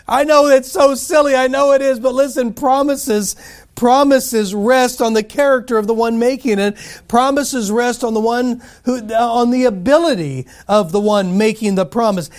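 Preacher guy, pretty high voice for a man, folksy, keeps repeating himself and restarting. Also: moderate pace. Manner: folksy, repetitive, frequent restarts. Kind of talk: sermon.

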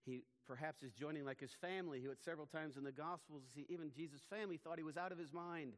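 A pastor preaching a sermon, earnest and emphatic. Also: male voice, on the high side, fairly even intonation, quick pace. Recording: long hall reverb.

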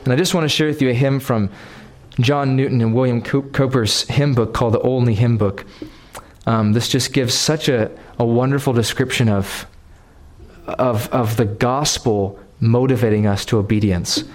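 A man preaching a sermon, pleading and repeating phrases for emphasis, rising to impassioned emphasis and settling into quiet prayer. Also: mid-range voice, steady tone, normal speed.

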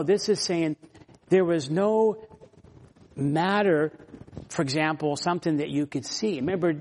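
A man preaching an expository sermon, teaching verse by verse and slowing down to stress key words. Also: fairly high pitch, a little mellow, in a large hall.

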